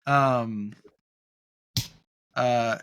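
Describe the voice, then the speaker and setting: A young man co-hosting a casual podcast chat, talking at a middling pitch. He gets excitable and gushes, and keeps trailing off into fillers and restarts. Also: very slow, clear, resonant tone. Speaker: podcast co-host.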